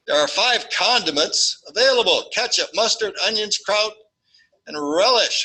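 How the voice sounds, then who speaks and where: Male statistics lecturer, sharp bright tone, playful classroom delivery. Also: high voice, moderate pace, rough recording. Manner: jokey, animated, acts out little scenes.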